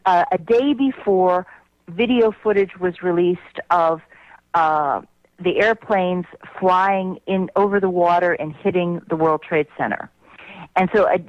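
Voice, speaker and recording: A woman guest telling an emphatic, animated story over the phone, with many restarts. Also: lowish voice, no room sound. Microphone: telephone. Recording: muffled phone line.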